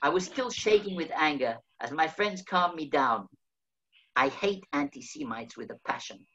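An older man reads from his own memoir, unhurried and measured. His storytelling carries a wry edge. The recording sounds dull and lo-fi. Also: a little high, sing-song, vocal fry, fairly bright tone. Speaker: author reading his memoir.

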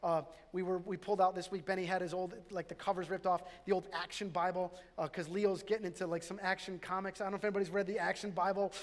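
High-voiced man preaching in a reverberant hall. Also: level tone, quick pace, few pauses. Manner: conversational, with restarts and self-deprecating jokes. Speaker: pastor. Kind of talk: sermon. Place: church sanctuary.

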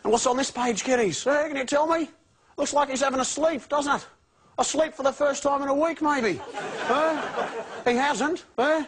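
An actor playing a crude, swearing Australian ex-convict who reads a children's story in a jovial yet menacing way, ending lines with a taunting "eh?". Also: male voice, extremely high pitch, moderate pace, some chatter behind. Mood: crude storytelling. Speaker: comedy sketch performer. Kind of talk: parody children's story reading. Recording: studio audience laughter and noise.

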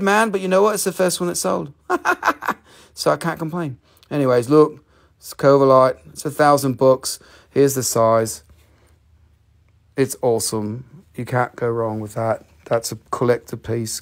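Gravelly excitable man selling crystals live. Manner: excitable, profane, big jumps in pitch. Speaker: host of a live crystal sale stream. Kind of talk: excited live sales chat.

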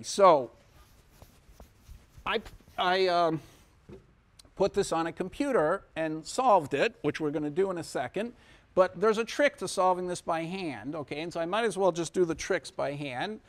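A man lecturing a university class in a conversational way, with many asides and restarts. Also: sits high. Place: lecture hall.

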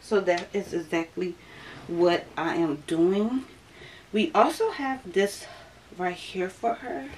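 Here a young woman vlogs from home, loosely chatting with viewers she keeps calling "y'all," and she's a little out of breath. Her fairly low voice moves slowly, with slight background noise in the recording.

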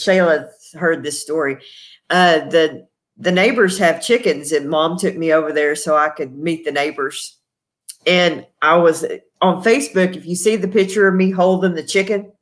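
A middle-aged woman with a Texan accent, chatting casually on a live stream, laughing often and greeting viewers by name. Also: on the low side. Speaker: host.

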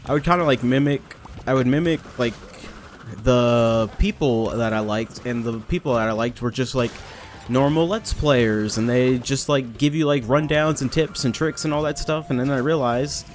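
A young man talking casually over his gameplay, rambling and mocking himself, with sudden loud outbursts. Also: mid-range voice, moderate pace, soft background music. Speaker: let's play gamer.

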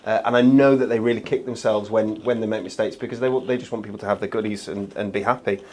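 A man's voice: fairly low pitch, fairly even intonation, quick pace, a little mellow, slight background noise. Chatty man hosting a craft show. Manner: chatty, reads viewer comments aloud. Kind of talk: casual live shopping chat.

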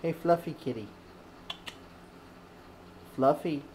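A woman's voice: deep voice, slow pace, mellow, slight background noise, rough recording. A woman filming her cats at home, chatting to them in a teasing way, cooing and cursing at them. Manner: teasing, coos and swears at the cats. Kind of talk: casual talk to pets. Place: at home indoors.

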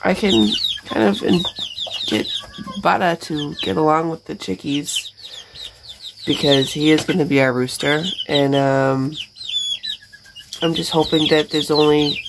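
A woman's voice: low-pitched, normal speed, vocal fry. A middle-aged woman chatting casually in a vlog as she tends her backyard chickens, rambling and talking to the birds. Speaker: backyard chicken keeper and vlogger. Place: outdoors at a backyard chicken coop. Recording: loud outdoor farm noise. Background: chickens clucking and roosters crowing.

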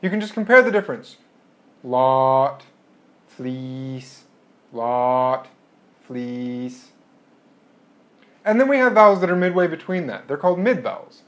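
Man lecturing, modeling each vowel sound. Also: sits high. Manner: clear and explanatory, modeling vowel sounds slowly. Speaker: linguistics lecturer. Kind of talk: recorded lecture.

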